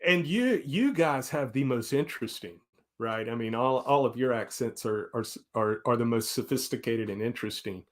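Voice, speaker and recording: An easygoing man in his forties with a Southern US accent rambles through a casual live-stream chat. His voice sits at an ordinary middle pitch. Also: animated, moderate pace. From South Carolina, US. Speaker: guest host.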